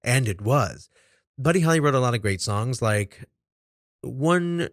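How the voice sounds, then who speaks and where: A man at an ordinary pitch talks through a music countdown in a relaxed, casual way and drops in playful little jokes. The sound is close and dry, with no room around it. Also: measured pace, no echo. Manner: playful, jokey asides. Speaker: music show host.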